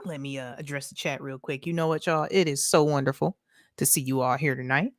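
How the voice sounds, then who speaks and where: A woman's voice: extremely low pitch, fairly even intonation, brisk, no room sound, clean studio sound. A woman from the United States hosting a casual live stream, chatting with viewers, greeting them by name and laughing often in an upbeat, slangy way.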